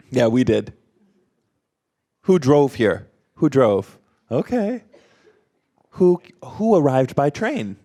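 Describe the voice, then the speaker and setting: Slow, lively man leading a workshop. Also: mid-range voice. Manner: quizzes the audience with short prompts and questions. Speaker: sign language interpreter voicing a presenter. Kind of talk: interactive workshop teaching.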